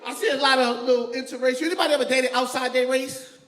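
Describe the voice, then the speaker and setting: A man from New York doing stand-up comedy, telling stories loudly and animatedly. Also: very high-pitched, fast. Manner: loud, animated storytelling, laughing along. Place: comedy venue with a live audience. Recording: echoey room with faint ambience.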